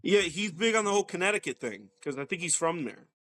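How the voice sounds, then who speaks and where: A man's voice: sits high, animated, fast, a bit bright, dry recording. A man chatting casually as a podcast guest, rambling loosely with lots of "like" and swearing.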